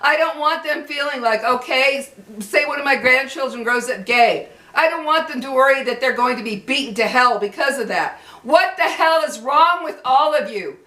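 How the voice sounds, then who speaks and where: Older lady ranting mad, cussing a lot, bright higher voice in an echoey room. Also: animated, moderate pace. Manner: heated, cursing, emphatic, repeats herself. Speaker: vlogger. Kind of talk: angry rant to camera.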